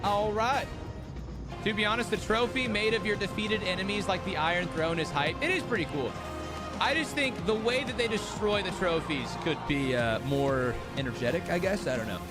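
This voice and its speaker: A man's voice: sits high, normal speed, loud music behind the voice. A young man hosting a live stream, chatting casually and ranting with lots of swearing while sleepy and yawning. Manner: profane, ranting, animated storytelling. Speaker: streamer hosting a watch party.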